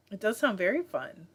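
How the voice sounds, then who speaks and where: Her mid-range voice has a breathy edge as this Michigan woman runs a casual livestream. She chats, fills her speech with fillers, and reads out what viewers write.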